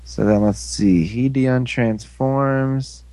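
A man's voice: mid-range voice, fairly even intonation, takes it slowly, dark tone, dry recording. A man casually recapping an episode as a podcast co-host, rambling with lots of fillers. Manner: rambling, filler-heavy storytelling.

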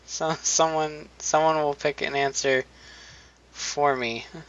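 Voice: medium pitch, fairly even intonation, slow, a bit bright. A podcast co-host reading listener comments, giggly and playful. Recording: dull lo-fi podcast audio.

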